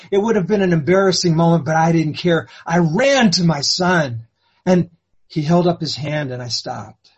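Husky male preacher, dramatic first-person storytelling, slightly high voice, dull lo-fi recording. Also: normal speed. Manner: swings between hushed and fervent.

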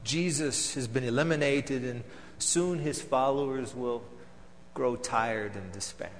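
A man performing a theatrical monologue as a bitter, vengeful temple council elder, moving between loud outbursts and hushed, seething lines. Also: medium pitch, measured pace, long reverb tail, slight background noise, lightly acted. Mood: recounting, measured.

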